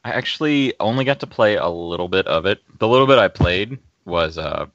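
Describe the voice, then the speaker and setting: A man's voice: low-pitched, expressive, a little fast, a bit bright, no room sound, highs cut off. A man guesting on a casual video game podcast, teasing and laughing at himself. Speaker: guest co-host. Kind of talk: casual chat.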